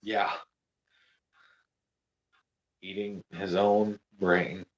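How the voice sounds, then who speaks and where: A man chatting casually in a movie commentary, relaxed and easygoing. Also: sits low, slow. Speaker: podcast co-host. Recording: dull lo-fi call audio.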